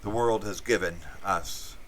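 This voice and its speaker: Blunt, rambling man with a low voice. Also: measured pace, a bit bright, slight background noise. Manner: blunt, profane, meandering with many fillers. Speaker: channel host. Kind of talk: rambling opinion monologue.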